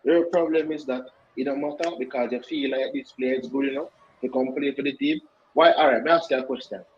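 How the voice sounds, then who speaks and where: A man's voice: mid-range voice, fairly even intonation, fast talker, husky, lo-fi sound. A man with a Jamaican accent arguing football in a heated casual debate, firing questions back at his co-host.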